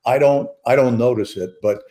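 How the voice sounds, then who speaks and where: A man with a faint Maine accent and a polished former-radio delivery. He talks in an easygoing, self-deprecating way at a medium pitch. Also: moderate pace, mellow. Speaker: guest, charity president. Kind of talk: casual interview.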